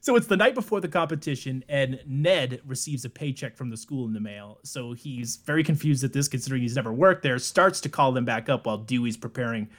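A young man co-hosting a podcast, recapping a film in a relaxed, joking way, laughing often and swearing. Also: mid-range voice, fairly quick, hardly any pauses. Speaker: podcast co-host. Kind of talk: casual movie recap chat.

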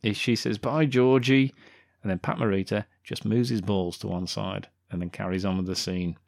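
A man's voice: sits low, flat delivery, fairly quick, vocal fry, dry recording, clean studio sound. A man co-hosting a podcast, retelling a film plot in a sweary, sarcastic casual chat. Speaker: podcast co-host.

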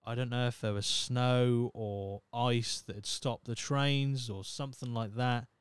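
A man's voice: mid-range voice, steady tone, a little slow, clear, resonant tone, no room sound. A man in his thirties with a Norfolk English accent, hosting a solo podcast in a rambling, swearing, self-mocking chat. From Norfolk, England. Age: 30s. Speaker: podcast host. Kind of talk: casual solo podcast monologue.

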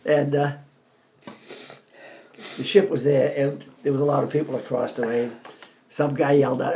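An older man from the Boston area telling stories about his army days in a casual, animated way. He laughs often and shouts out the lines he quotes. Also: medium pitch, normal speed, pauses often, over a noisy crowd. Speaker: veteran telling war stories. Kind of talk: casual storytelling.

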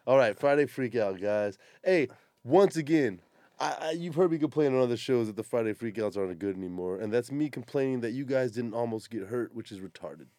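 A podcast host with a mid-range, warm voice talks briskly with lively intonation, swearing freely as he bluntly rips apart skydiving videos. It's casual, profane chat and video commentary delivered with exasperation. The audio has no room sound.

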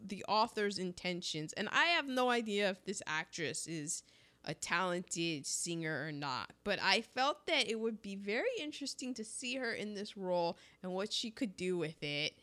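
A woman co-hosting a casual chat about films, talking emphatically and jumping up in pitch when excited. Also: moderate pace.

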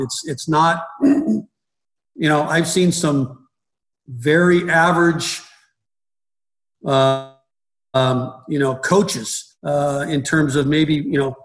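A man's voice: on the high side, fairly bright tone, low-quality recording. A middle-aged man, a baseball coach, talking in an interview, rambling and restarting his sentences often. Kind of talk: conversational interview.

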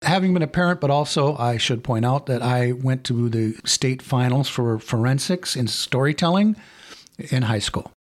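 A male podcast host spinning a spooky campfire story. He lets the tension build slowly, dropping his voice for the eerie moments. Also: mid-range voice. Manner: dramatic, suspenseful.

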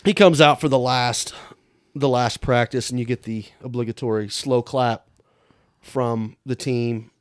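A man's voice: medium pitch, fairly even intonation, measured pace, no room sound, clean studio sound. A man on a podcast, animatedly retelling a film's scenes in casual chat. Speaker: podcast co-host. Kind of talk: casual movie recap chat.

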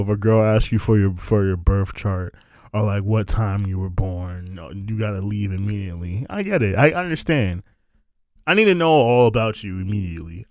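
A man's voice: lowish voice, a little mellow, clean tone, no echo, clean studio sound. A young man hosting a show alone, riffing casually on listener questions with profane jokes and rambling restarts. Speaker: podcast host answering listener questions. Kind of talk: casual comedic monologue.

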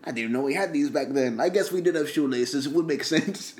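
A man's voice: fairly high pitch, brisk, voice pushed up, lightly acted. A man voicing a bumbling, grumbling male wagon driver who rambles and mutters asides in his own plain voice.

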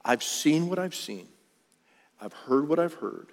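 A man voicing a grown fisherman disciple torn by fear, sometimes raised and emphatic, sometimes hushed and broken, with a long hall reverb behind him. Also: a little high, animated, measured pace. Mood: despairing.

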